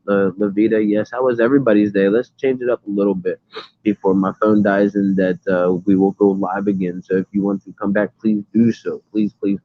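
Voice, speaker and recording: On tinny phone audio with no echo, a lowish-voiced man hosts a casual livestream from his phone. He reads chat comments aloud and talks in a rambling, earnest, emphatic way.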